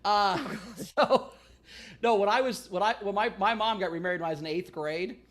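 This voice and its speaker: High bright-voiced man telling a story. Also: normal speed. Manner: animated, swearing, acting out voices and noises. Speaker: comedian guest. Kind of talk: casual storytelling.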